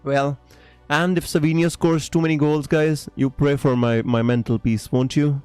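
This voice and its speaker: This is a man hosting a fantasy football live stream, talking casually to his chat. He is theatrical and quick to laugh, swinging into loud exclamations. Faint music plays in the background. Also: a little high, clear, resonant tone, dry recording. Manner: excitable, dramatic, laughs and exclaims often.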